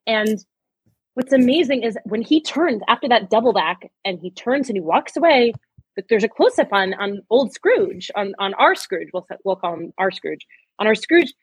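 Woman co-host, breathy and dry-miked, gushes emotionally over film scenes. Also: fairly high pitch, no room sound, rough recording. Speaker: podcast co-host. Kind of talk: casual chat.

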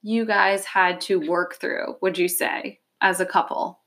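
A woman's voice: fairly low pitch, little pitch movement, measured pace, a bit bright. A woman interviewer asking friendly follow-up questions and reacting encouragingly. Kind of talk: casual interview.

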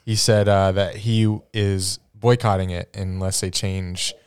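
A lowish male voice recorded close and dry. He hosts a casual podcast chat, tossing out questions and teasing asides. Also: flat delivery, a little slow, clean tone, no echo. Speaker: podcast host.

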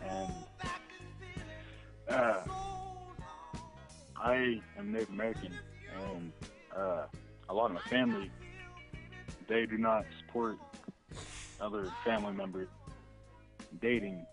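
A young man with a fairly low voice calls in for advice. He hesitates, pausing often and filling the gaps with ums. Clear music plays behind him. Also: steady tone, low-quality recording. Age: young adult. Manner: hesitant, full of ums and pauses. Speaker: caller asking for advice. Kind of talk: hesitant casual chat.

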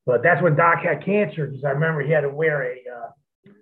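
A man's voice: fairly high pitch, fairly quick. A man, a former pro wrestler, telling blunt, profane anecdotes in a rambling, casual way. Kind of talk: casual storytelling. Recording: tinny phone-like line.

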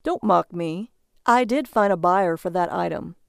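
A woman's voice: lowish voice, measured pace, gravelly, no echo, studio quality. A woman voicing a dim, eager husband who collects junk, earnest and defensive.

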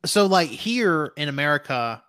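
A young man from Alabama with a Southern US accent, hosting a casual podcast chat, animated and swearing freely. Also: on the high side, moderate pace, clear, resonant tone. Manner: animated, swearing, laughing often. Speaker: podcast host.

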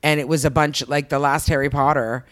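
A woman's voice: sits low, steady tone, a little fast, no echo. A woman co-hosting a podcast in casual chat, playful and teasing. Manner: playful, teasing, swoops up for emphasis. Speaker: podcast co-host.

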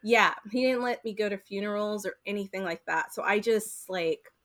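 A woman's voice: mid-range voice, moderate pace, fairly bright tone. Chatty woman, rambling with fillers. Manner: rambling, heavy use of "like" and "um". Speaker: podcast co-host. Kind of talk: casual chat.

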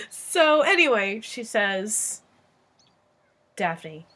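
A young woman co-hosting a casual podcast, giggling a lot and chatting excitedly. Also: medium pitch, moderate pace. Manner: giggly, excitable, drawls filler words. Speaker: podcast co-host. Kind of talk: casual chat.

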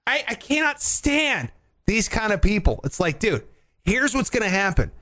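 A man co-hosting a casual chat show, talking in an animated, profane, mocking way. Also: high voice, moderate pace. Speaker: podcast co-host.

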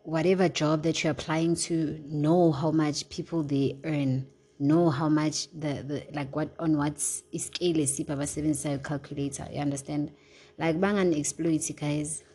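A woman's voice: deep voice, fairly even intonation, normal speed, warm tone, breathy edge, low-quality recording. A young South African woman venting in a casual, heated, profane vlog rant, switching between English and isiZulu. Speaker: vlogger.

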